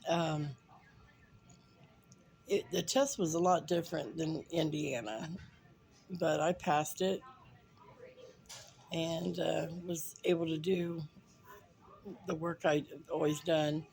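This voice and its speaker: A woman's voice: low voice, fairly even intonation, slow pace, creaky, long pauses, darkish tone, poor audio. A woman in her fifties telling a funny personal story in a chatty way, with fillers and acted-out quotes. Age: 50s. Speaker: vlogger.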